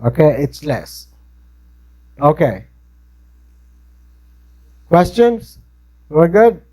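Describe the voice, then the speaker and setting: A man's voice: fairly high pitch, sing-song, drawn-out words, mellow, poor audio. A man with a Filipino accent, lecturing a class in a conversational way and often checking in with his listeners. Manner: conversational, keeps checking in with "right?". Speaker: instructor.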